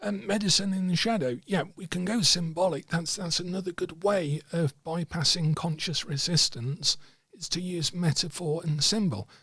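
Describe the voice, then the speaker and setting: A man teaching tarot reading, speaking in a measured, explanatory way. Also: sits high, sharp tone, slightly rough, no room sound. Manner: measured, explanatory, acts out client dialogue. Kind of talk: teaching talk with acted examples.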